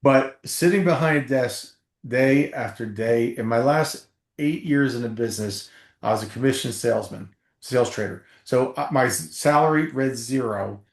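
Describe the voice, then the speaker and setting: A man's voice: medium pitch, moderate pace, reverberant. A middle-aged man from New Jersey, a former football player, telling emphatic stories as a podcast guest. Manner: animated storyteller, emphatic, swears casually. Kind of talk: storytelling interview.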